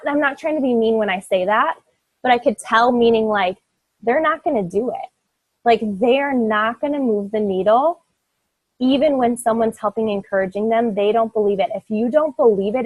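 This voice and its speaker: Young woman coach, slightly high husky voice, dry close sound, earnest pep talk that rambles. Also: normal speed, no room sound, narrow, tinny audio. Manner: earnest, emphatic, rambling with many "like"s. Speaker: fitness team coach. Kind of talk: motivational talk to her team.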